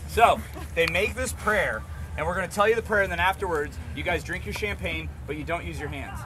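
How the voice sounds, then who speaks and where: A man's voice: sits high, animated, quick pace, sharp tone, slight background noise. Profane, joking man telling tall tales. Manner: profane, rambling, playful. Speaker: balloon pilot leading a ceremony. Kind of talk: joking outdoor storytelling to a group. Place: outdoors among a gathered crowd. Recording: outdoor crowd chatter behind.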